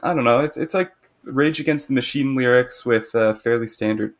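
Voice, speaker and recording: A man's voice: medium pitch, moderate pace. A man co-hosting a podcast in casual chat, talkative and opinionated, with a teasing edge toward his co-host.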